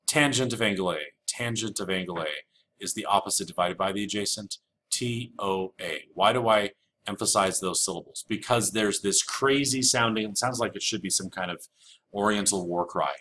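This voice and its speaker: A man's voice: fairly low pitch, brisk, sharp tone, slight background noise. A man teaching a recorded geometry lesson, explaining step by step and repeating the key rules with casual fillers. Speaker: math teacher. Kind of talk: recorded flipped-classroom lecture.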